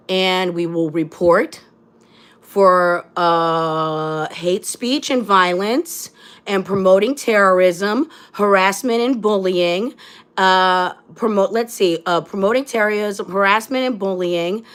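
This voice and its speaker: A woman hosting her own livestream, delivering an angry, blunt and profane rant full of repeated rhetorical phrases. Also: medium pitch. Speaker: livestream host.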